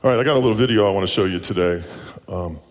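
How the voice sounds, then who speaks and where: A man's voice: low-pitched, rapid-fire. A man preaching a sermon as pastor, telling jokes and stories in a chatty way. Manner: chatty, joking storyteller. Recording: echoey church hall.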